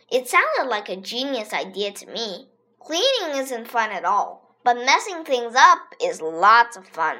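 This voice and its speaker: Child reading a story, bright and lively. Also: mid-range voice, a little slow. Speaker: reader.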